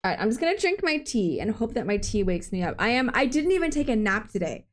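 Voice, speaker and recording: High-voiced young woman streamer. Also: big pitch swings, fast. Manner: rambling, laughs often. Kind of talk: casual chat while gaming.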